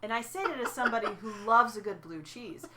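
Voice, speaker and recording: A woman co-hosting a casual podcast, animated and drifting into playful tangents. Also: on the high side, fast talker, a crowd in the background. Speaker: podcast co-host.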